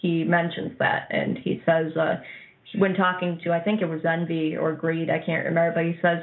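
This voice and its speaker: A woman's voice: lowish voice, flat delivery, normal speed. A woman co-hosting an anime podcast, chatting casually and eagerly, often agreeing and recalling details. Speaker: podcast co-host. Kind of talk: casual chat reviewing an anime. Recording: tinny phone-like line.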